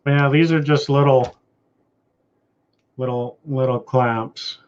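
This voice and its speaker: Rambling Canadian man, slow and laid-back. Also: medium pitch, steady tone, slight background noise. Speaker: host. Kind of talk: casual live-stream chat. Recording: dull lo-fi stream audio.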